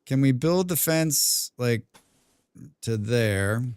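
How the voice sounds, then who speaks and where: A young man streaming a game, chatting casually with his viewers, rambling and clearing his throat often. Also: mid-range voice, expressive, takes it slowly, a little mellow, no room sound. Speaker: gaming livestreamer. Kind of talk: casual livestream chat while playing.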